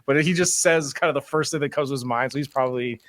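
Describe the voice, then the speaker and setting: A man's voice: medium pitch, fast, a bit bright, no room sound. A man co-hosting a podcast, rambling casually with lots of filler words. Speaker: podcast co-host. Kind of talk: casual talk show banter.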